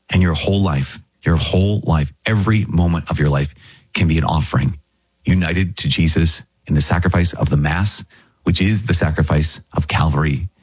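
A middle-aged man, a priest, giving a conversational podcast homily with lively, energetic delivery, now and then jumping into pitched-up quoted voices. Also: husky.

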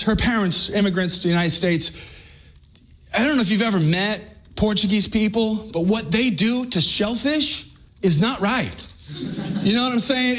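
Guy, middle aged, kinda high voice, telling his testimony to a crowd, jokey then preachy. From Texas. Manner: lively, joking, then earnest and preachy. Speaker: speaker giving a personal testimony. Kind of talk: animated storytelling to a live audience.

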